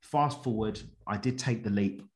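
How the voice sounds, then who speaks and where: A man recounts his own story as a podcast guest, talking animatedly and breaking into chuckles. His voice sits fairly low. His phrasing is casual and full of everyday slang. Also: normal speed. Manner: animated, chuckles often, colloquial. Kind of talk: personal storytelling in conversation.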